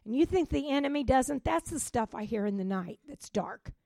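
A woman preaching a sermon with passion, swinging from loud rising calls to hushed, quiet drops. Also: high voice, expressive, normal speed, creaky, no room sound. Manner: impassioned, with sudden loud rises and hushed drops.

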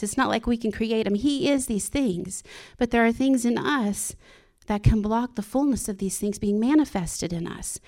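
A church speaker shares a devotional in a loose, heartfelt sermon, frequently breaking into laughter and restarting what she's saying. She has a somewhat high, slightly mellow voice.

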